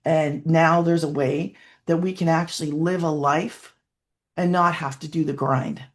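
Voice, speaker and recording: A woman's voice: deep voice, steady tone, a little slow. Woman telling a heartfelt testimonial. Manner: rambling, heartfelt, near tears at times. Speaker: webinar guest sharing a testimonial. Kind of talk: emotional personal testimonial.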